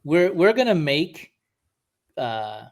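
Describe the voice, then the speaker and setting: A man's voice: fairly high pitch, sing-song, takes it slowly. A middle-aged man co-hosting a podcast, chatting casually, laughing often as he reads out listener song picks. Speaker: podcast co-host. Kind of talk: casual chat.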